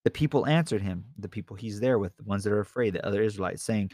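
A man's voice: on the low side, quick pace, hardly any pauses, a little mellow, no echo, studio quality. A man teaching the Bible informally, earnest and rambling, with many restarts and asides. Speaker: Bible study podcast host.

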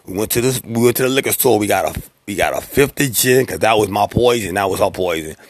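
A man's voice: lowish voice, fast. A man, a rapper, casually telling a slangy, profane story from his life and acting out the voices of the people in it. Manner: slangy, profane, streetwise delivery; acts out quoted voices.

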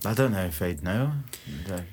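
A man in a deadpan comedy chat, rambling and matter-of-fact with lots of fillers. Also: sits low, normal speed.

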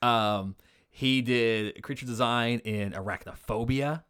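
A man's voice: mid-range voice, slow, fairly bright tone, clear, resonant tone, no echo, studio quality. A man co-hosting a horror podcast, chatting casually, swearing now and then and reading out the episode credits. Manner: laid-back, swears, reads out credits. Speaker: podcast co-host.

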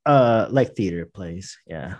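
A man's voice: sits low, expressive, slow pace, a little mellow, muffled recording. An American man chatting casually as a podcast co-host, rambling with restarts and laughing often. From United States. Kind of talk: casual chat.

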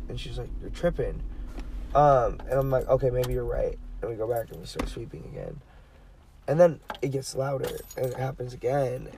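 A young man with a gravelly, creaky voice tells a rambling story with friends, swearing every other phrase. He sounds a little far from the mic, with faint noise behind him outdoors at night. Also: mid-range voice, expressive, moderate pace, mellow. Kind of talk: casual chat.

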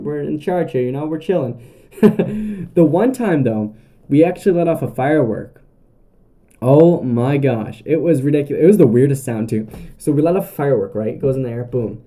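Young male podcast host with a very dark, mellow voice. Casual, rambling storyteller. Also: mid-range voice. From Canada. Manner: rambling, many filler "like"s and restarts.

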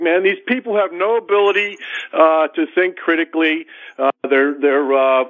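A man's voice: a little high, fairly even intonation, normal speed. A man calling into a radio show, scornful and hesitant, with many fillers. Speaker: caller. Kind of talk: call-in radio chat. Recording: tinny phone line.

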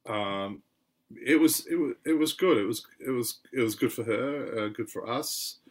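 An Australian man co-hosting a podcast in casual chat, halting, with many fillers and restarts. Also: mid-range voice, animated. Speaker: podcast co-host.

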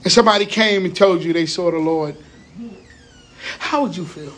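High-voiced man preaching a sermon. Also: normal speed, slight background noise. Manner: lively, conversational, repeats words.

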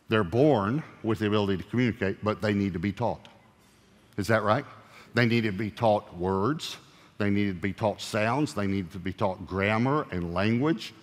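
Animated joking pastor in a big hall. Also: male voice, on the low side, moderate pace. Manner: animated and joking, swinging from loud punchy lines to hushed earnest ones. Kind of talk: sermon.

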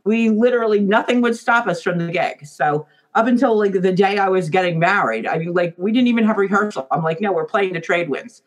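A woman's voice: mid-range voice, a little fast, hardly any pauses, rough recording. A woman, a former lighting designer for a band, reminiscing in an interview, chatty and laughing often as she tells stories. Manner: chatty storyteller who laughs often and acts out quotes.

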